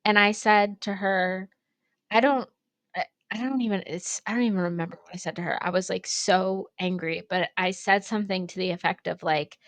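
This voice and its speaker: Woman in her 20s or 30s spilling a story, lots of "like", mid pitch, dry close mic. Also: normal speed, no room sound. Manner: animated, acts out quotes, many "like" fillers. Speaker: podcast co-host, ceramics studio owner. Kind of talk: casual storytelling chat.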